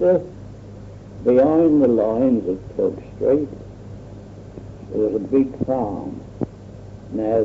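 An older man telling his own war memories in a rambling, plainspoken way. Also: medium pitch. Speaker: war veteran. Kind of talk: oral history recollection. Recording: tinny lo-fi old recording with faint hiss.

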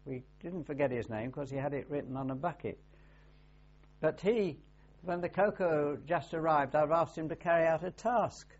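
A man's voice: on the high side, moderate pace. An older man, a naval veteran, answering questions in an oral history interview with dry humor. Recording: dull lo-fi recording.

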